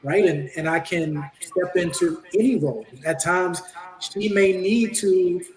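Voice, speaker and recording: Man, spiritual coach, higher voice, echoey room, far from the mic. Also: measured pace. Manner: earnest, repeats "right?". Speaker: ascension coach. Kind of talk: panel conversation. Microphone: video call. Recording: roomy, distant mic.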